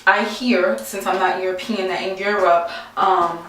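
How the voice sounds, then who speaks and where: A young woman tells a story casually to her camera, animated and exasperated, acting out what people said. Her voice sits at a middle pitch. The room is very echoey and the mic is well away from her. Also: measured pace, distant mic, a little hiss or hum. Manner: animated, exasperated, acts out quotes. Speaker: vlogger.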